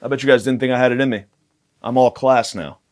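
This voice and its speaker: A man's voice: mid-range voice, steady tone, fast. A young man hosting a podcast, talking in a crude, rambling, self-mocking comedic monologue. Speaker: podcast host.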